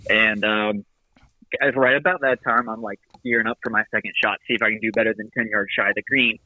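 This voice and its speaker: A man casually telling a long, animated golf story on a podcast, often laughing and acting out what people said. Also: fairly low pitch, fairly quick, no room sound, lo-fi sound. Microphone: phoned in.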